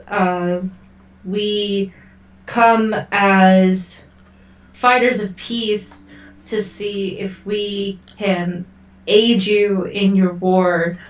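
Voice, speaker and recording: A woman voicing a humble female adventurer who formally addresses a king, speaking in a halting, deferential way. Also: medium pitch, recorded from a distance. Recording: roomy echo, voice set back from the mic.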